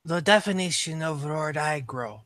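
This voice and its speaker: Echo, hombre haciendo de extraño ingenuo y formal. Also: male voice, fairly high pitch, a little slow, a bit bright, pitched above the performer's own voice. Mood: puzzled. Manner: formal, stilted, literal-minded. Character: large looming naive formal male stranger.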